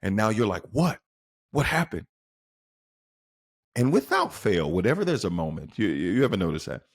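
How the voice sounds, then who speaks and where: Animated low-voiced male podcast host. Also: fast talker. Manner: emphatic, with rhetorical questions to the listener. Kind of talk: motivational podcast monologue.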